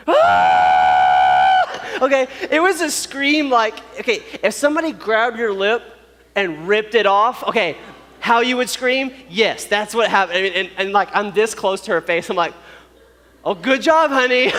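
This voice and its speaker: A man's voice: high-pitched, a bit bright, in a large hall. A man telling a personal story to an audience, acting out sounds and quoted voices, with many fillers.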